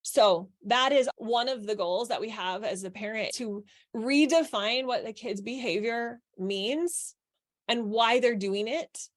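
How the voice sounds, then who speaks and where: A woman with a fairly high voice leads a live parenting workshop. She is middle-aged and coaches her listeners by asking questions and answering them herself. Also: measured pace.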